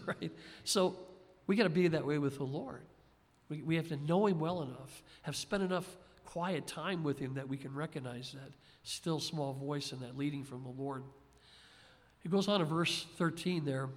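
A man preaching a sermon in a conversational, folksy way, with frequent asides to his listeners. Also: on the high side. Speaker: pastor. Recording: long hall reverb.

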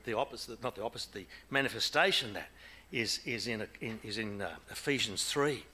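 A man preaching a sermon to a congregation, asking questions and swinging between soft near-whispers and loud calls. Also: fairly low pitch, a little fast, slightly rough.

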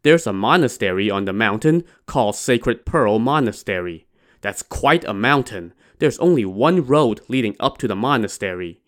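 A man's voice: on the low side, lively intonation, normal speed, close to an everyday voice. A man voicing a helpful male villager who chats and confides advice.

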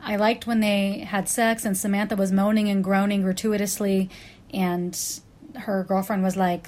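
A woman's voice: mid-range voice, a little mellow. A woman giving a casual, wry countdown monologue about a TV show she loves. She talks with frequent fillers and self-corrections and briefly acts out the characters she quotes. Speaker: pop culture commentator.

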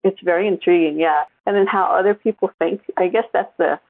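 A woman in her forties co-hosts a casual chat, telling stories in an animated way. Her voice sits low with a gravelly fry. The sound is dry and tinny, like a phone line. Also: fairly quick, no room sound. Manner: chatty, animated storytelling. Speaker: podcast co-host.

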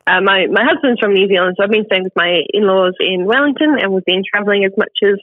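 A woman's voice: medium pitch, quick pace, no echo. A woman comedian with a Western Australian accent, giggly and self-deprecating, chatting in a radio interview over the phone. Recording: tinny phone line.

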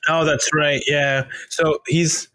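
A man's voice: fairly high pitch, flat delivery, slow pace, pushed and bright, dry recording. A man co-hosting a casual book discussion, chatty and laughing often between remarks. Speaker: podcast co-host.

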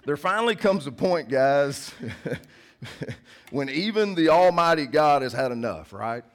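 A middle-aged man preaching a sermon, telling personal stories as he swings between loud bursts and hushed asides. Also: on the high side, animated, measured pace.

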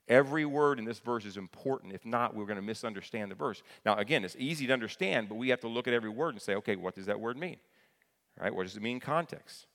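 A pastor with a mid-range, fairly bright voice preaches a sermon in a conversational, plain-spoken way, often repeating key phrases for emphasis. The recording carries a long hall reverb.

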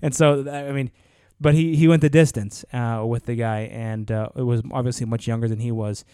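A man co-hosts a podcast, rambling keenly through a chat. His tone is warm and mellow. The sound is dry and close. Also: medium pitch, steady tone, moderate pace, smooth, dry recording. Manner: rambling, many fillers and restarts, enthusiastic. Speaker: podcast co-host. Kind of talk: casual chat.

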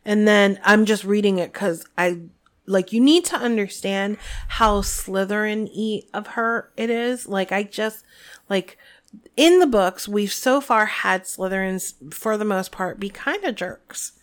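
A woman's voice: mid-range voice, measured pace. A woman co-hosting a podcast, chatting casually and reading a book aloud with opinionated asides. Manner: chatty, opinionated, lots of fillers. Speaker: podcast co-host.

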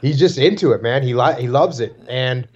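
A man in his forties, a podcast host, telling lively stories in casual chat and acting out what family members said. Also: medium pitch, normal speed, slightly rough. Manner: animated storyteller acting out family quotes. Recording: dull lo-fi sound.

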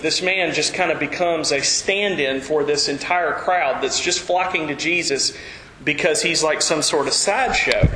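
A man preaching an earnest, animated sermon as pastor. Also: fairly high pitch, moderate pace, roomy sound, a little hiss or hum, low-quality recording.

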